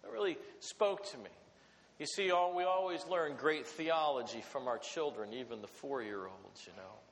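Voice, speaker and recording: A middle-aged man preaching a sermon, telling a personal story in an animated way. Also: mid-range voice, normal speed. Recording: long hall reverb.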